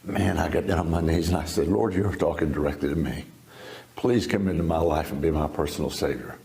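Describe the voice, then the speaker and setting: A man's voice: extremely low pitch, brisk, gravelly, mellow. A man in his seventies, a guest in an interview, telling his life story in a folksy, laughing, storytelling way. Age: 70s. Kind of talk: storytelling testimony.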